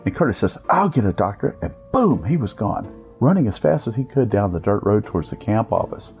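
Animated gravelly middle-aged male storyteller. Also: lowish voice, a little fast, faint music behind. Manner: animated, amused, acts out the voices. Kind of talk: personal storytelling.

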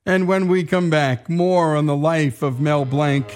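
A man's voice: a little high, a little slow, faint music behind. A male radio host chatting conversationally while teasing the next segment. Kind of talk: radio show outro.

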